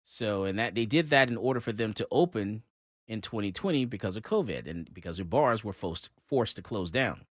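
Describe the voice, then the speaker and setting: A man hosting a talk radio show, telling a story in a casual, animated way with many fillers and restarts. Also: fairly low pitch, moderate pace, no echo, clean studio sound.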